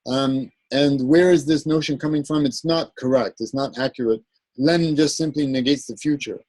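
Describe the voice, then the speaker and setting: A man teaching an Arabic grammar lesson in a recorded class, explaining patiently with many pauses, ums and restarts. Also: medium pitch, a little mellow, husky, no echo, low-quality recording. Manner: halting, searching for words, many ums and restarts; explains a grammar point patiently, checking with "right?".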